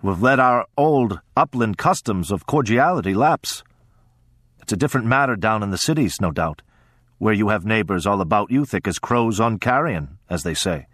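A male narrator voicing a big, hearty, quietly threatening older lord, loud and genial in an audiobook reading. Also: fairly low pitch, lively intonation, moderate pace, no echo, studio quality. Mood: hearty, jovial. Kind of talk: audiobook character voice.

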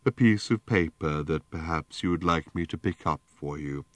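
A man voicing an ancient, rusted, gloomy male robot in an audiobook, with a slow, mournful, self-pitying drone. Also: rumbling low, no room sound. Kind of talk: audiobook character voice.

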